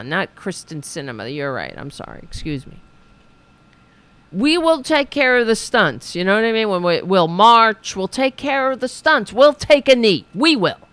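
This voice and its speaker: A woman's voice: mid-range voice, fairly bright tone. A woman hosting a political show, ranting in a profane, sarcastic, exasperated way while reading viewers' chat.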